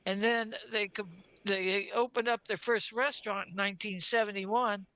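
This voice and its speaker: A woman's voice: medium pitch, fairly even intonation, moderate pace, a bit bright, smooth, no echo. A woman co-hosting a casual talk show, speaking in an easygoing, hesitant way. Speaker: podcast co-host. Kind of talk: casual chat.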